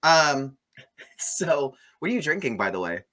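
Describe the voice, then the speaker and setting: A man hosting a casual movie review chat, sarcastic and animated, mocking the film with quick impressions. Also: a little high.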